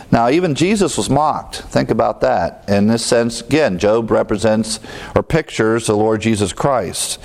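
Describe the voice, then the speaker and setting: A middle-aged man gives a verse-by-verse Bible lesson in a slightly low voice. He talks it through conversationally, with fillers and occasional chuckles. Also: darkish tone. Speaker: Bible teacher.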